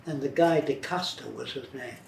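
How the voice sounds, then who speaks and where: A man's voice: medium pitch, moderate pace, creaky. An older man being interviewed, telling blunt, rambling life anecdotes. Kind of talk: biographical storytelling. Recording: roomy, distant, faint noise.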